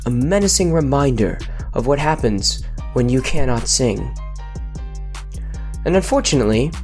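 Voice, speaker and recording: A man improvising a silly story with playful, mock-solemn narration and sudden pitch jumps.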